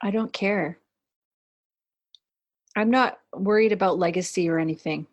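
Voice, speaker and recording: A woman's voice: medium pitch, a little slow, lo-fi sound. A woman who is a guest in a casual chat, answering in a thoughtful, hesitant way.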